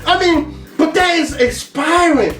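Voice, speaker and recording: A man co-hosting a podcast in casual chat, animated, scatting rhythms and laughing often. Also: extremely high pitch, unhurried. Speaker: podcast co-host. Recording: roomy, far from mic, faint music.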